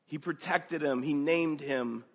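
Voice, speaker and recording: A preacher doing a raised, urgent prophet. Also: male voice, a little high, a little slow, slightly rough, pitched above the performer's own voice. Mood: earnest. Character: earnest male prophet telling a parable.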